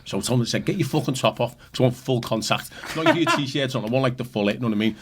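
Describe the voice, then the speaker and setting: A man's voice: medium pitch, wildly swooping pitch, fast, a little hiss or hum. A middle-aged man, a podcast guest telling rambling, sweary anecdotes full of "you know what I mean". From Liverpool, England. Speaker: podcast guest, former goalkeeper. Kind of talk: casual storytelling chat.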